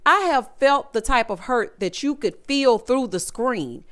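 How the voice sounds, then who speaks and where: A woman's voice: a little high, expressive, a little slow, fairly bright tone. A woman giving emphatic, sassy commentary on a reality dating show, talking straight to the people in it and acting out their quotes. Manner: acts out quotes in shifting voices. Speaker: recap vlogger.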